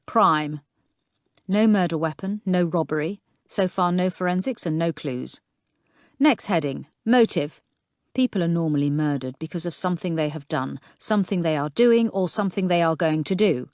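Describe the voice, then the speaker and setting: Brief: woman reader playing a driven lady detective boss, louder and commanding, audiobook. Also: on the low side, animated, dry recording, studio quality, close to an everyday voice. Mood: brisk. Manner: brisk, commanding. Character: bossy female detective inspector, brisk and driven.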